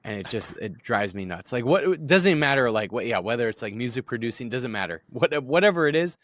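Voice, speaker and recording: A man's voice: mid-range voice, very animated, fast, a bit bright. A man co-hosting a podcast, ranting in a fired-up, swearing casual way. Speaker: podcast co-host.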